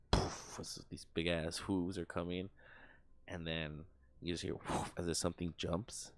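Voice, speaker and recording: A man's voice: low-pitched, flat delivery, measured pace. A young man streaming live, telling a story in a rambling, profane way, full of fillers and sound effects.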